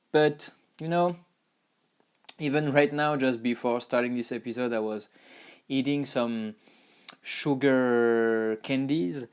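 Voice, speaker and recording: A man with a French accent teaching a language lesson, speaking slowly and patiently, spelling and repeating words with many fillers. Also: medium pitch, darkish tone, clear, resonant tone.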